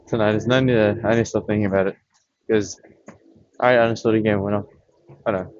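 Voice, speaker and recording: A man with a lowish voice chats about games while still catching his breath, rambling and thinking aloud with pauses. The audio is a bit dull and lo-fi. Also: fairly even intonation, no room sound. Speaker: vlogger. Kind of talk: casual chat about games.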